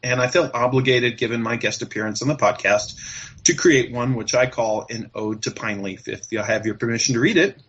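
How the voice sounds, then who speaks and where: A man's voice: mid-range voice, fairly quick, a bit bright, husky. A man appearing as a podcast guest, reading a comic rhyming poem aloud and chuckling through the lines, over dull lo-fi call audio.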